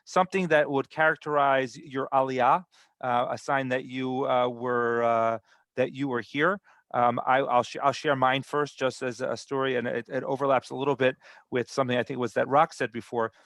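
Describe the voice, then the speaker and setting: Male host, halting, dry close sound, mid pitch. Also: steady tone, fairly bright tone, dry recording. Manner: halting, many restarts and fillers. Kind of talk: hosting a community video call.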